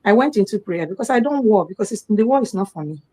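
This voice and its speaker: Animated Nigerian woman telling a story. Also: mid-range voice, fast. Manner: animated, acts out the quoted voices of others. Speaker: guest on a live discussion program. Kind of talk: personal storytelling in a live talk.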